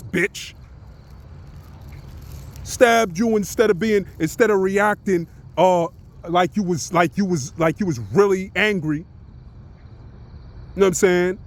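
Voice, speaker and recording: A man from Brooklyn rants in a fairly high voice. He is taunting and profane, roasting his target and keeps filling the gaps with "you know what I'm saying". The delivery is loose and repetitive, in the manner of a vlog. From Brooklyn, New York. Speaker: vlogger.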